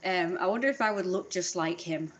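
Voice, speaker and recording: A woman's voice: fairly low pitch, a little fast, fairly bright tone. A woman chatting casually in a vlog, rambling and self-deprecating. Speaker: vlogger.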